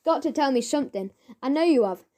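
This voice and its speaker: A woman's voice: high voice, expressive, fast talker, mellow. A woman reading a children's audiobook, voicing an eager, slangy working-class boy who runs his words together.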